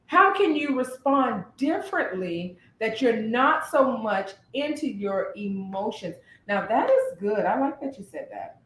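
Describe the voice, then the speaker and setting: Animated woman therapist in an echoey room. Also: high-pitched, measured pace. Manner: animated, thoughtful, searches for words. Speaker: therapist and podcast co-host. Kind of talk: casual conversational podcast. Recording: roomy echo.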